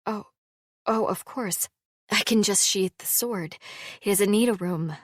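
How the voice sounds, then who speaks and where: A woman's voice: medium pitch, unhurried, no echo, clean studio sound, lightly acted. A woman voicing a tired, wry housekeeper in her thirties in an audiobook. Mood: weary, wry. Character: weary woman housekeeper, thirties, self-deprecating. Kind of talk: audiobook character reading.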